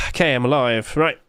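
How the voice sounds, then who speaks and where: A man's voice: a little high, dry recording. A man, musing aloud in casual livestream commentary and asking himself rhetorical questions. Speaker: streamer.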